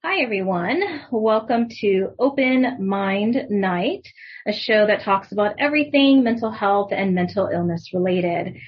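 A woman hosting a podcast, chatting casually and warmly with lots of fillers. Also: mid-range voice, unhurried, lo-fi sound. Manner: friendly, chatty, lots of likes and ums. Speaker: podcast host, therapist. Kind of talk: casual interview chat.

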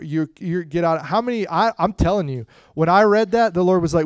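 A man preaching a conversational sermon to a congregation, swinging between hushed and loud passages, with frequent "you know" asides. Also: high-pitched, a little fast, smooth, dry recording, clean studio sound. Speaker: pastor.

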